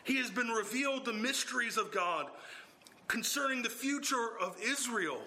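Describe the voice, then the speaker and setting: A man preaching an expository sermon, emphatic and swinging from low, even delivery to sudden exclamations. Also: moderate pace, a little hiss or hum.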